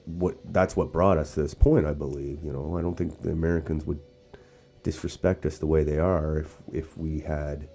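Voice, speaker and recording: A man's voice: extremely low pitch, flat delivery, normal speed, warm tone, slightly rough, faint music behind. A man from Canada hosting casual political commentary, rambling with frequent restarts and asides. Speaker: host. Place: outdoors or casual setting in Sarnia.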